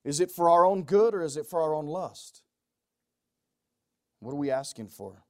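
A man preaching a sermon, moving from quiet, pleading passages to loud, shouted ones. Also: a little high, expressive, moderate pace.

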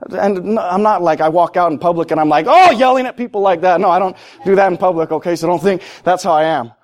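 A man preaching a sermon in a high voice. He talks plainly and repeats his points for stress. His delivery climbs to loud, emphatic peaks. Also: fairly even intonation, fast talker.

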